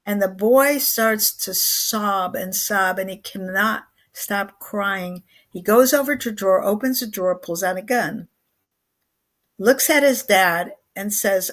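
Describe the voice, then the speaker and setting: A woman's voice: mid-range voice, unhurried, fairly bright tone. Woman in her eighties telling a story. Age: 80s. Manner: earnest, vivid storyteller who acts out quoted lines. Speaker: guest. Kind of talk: storytelling in a talk show interview.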